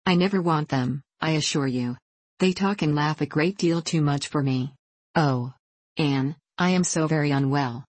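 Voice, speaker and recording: A peevish young wife, as a woman reader puts her on complains plaintively in a storybook reading. Her voice sits low and is recorded close and dry. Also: moderate pace, a little mellow, no room sound. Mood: complaining. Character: peevish self-pitying young married woman.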